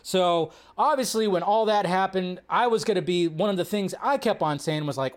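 A man hosting a casual live commentary show. His voice sits a bit high, and he rambles with plenty of fillers, restarts and swearing. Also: moderate pace, hardly any pauses. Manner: rambling, full of fillers and profanity. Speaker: host.

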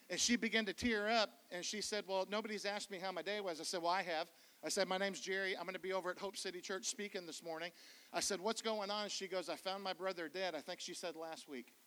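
A man preaching as a guest pastor in a church, energetic and joking, often calling out to the congregation. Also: high-pitched, clean tone. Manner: energetic, joking, calls out to the crowd. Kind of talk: sermon. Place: church sanctuary.

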